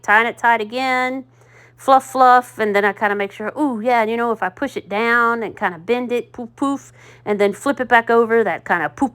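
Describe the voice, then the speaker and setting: Excitable female craft host, casual and self-deprecating. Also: mid-range voice. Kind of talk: casual craft tutorial voice-over.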